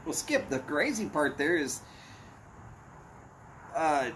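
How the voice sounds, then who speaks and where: Reading chat on his casual livestream, a man rambles bluntly through tangents, sounding angry to listeners. His slightly high, somewhat bright voice swings widely in pitch at a slow pace, against slight background noise.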